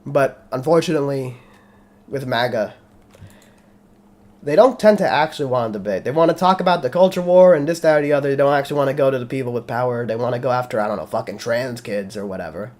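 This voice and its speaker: A man's voice: mid-range voice, fast, a little mellow. A male host of a live call-in debate stream, arguing bluntly and heatedly with frequent swearing.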